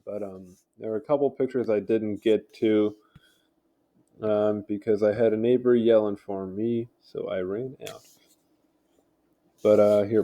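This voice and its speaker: A man's voice: lowish voice, warm tone. Offhand mumbling man reading aloud. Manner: offhand, mumbly, stumbles over names. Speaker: video host reading wiki articles. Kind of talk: casual read-along commentary. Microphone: home mic.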